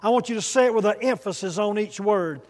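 A man's voice: sits high, quick pace, darkish tone, long reverb tail. A man preaching a sermon, emphatic and leading the congregation to repeat phrases after him.

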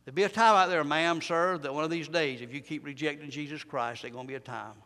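A man preaching a fervent revival sermon in a church, rising loud and dropping to a hush. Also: fairly high pitch, steady tone, fast, long reverb tail. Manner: fervent, swings from loud to hushed. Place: church sanctuary.

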